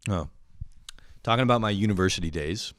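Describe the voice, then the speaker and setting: A man's voice: lowish voice, fairly quick, a bit bright. A young man in a profane comedic rant, swearing constantly and sounding exasperated as he complains. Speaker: comedic vlogger.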